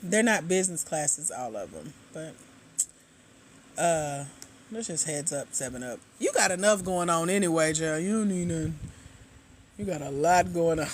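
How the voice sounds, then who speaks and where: A woman hosting a casual livestream, chatting and reading viewer comments aloud with drawn-out sign-offs. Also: mid-range voice, lively intonation, a little hiss or hum. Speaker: livestream host.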